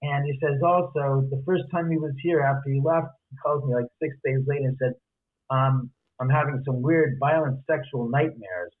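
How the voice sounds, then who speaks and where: A guest author with a mid-range voice at normal speed tells a story animatedly, acting out the other person's quoted lines. The audio sounds tinny, like a phone line.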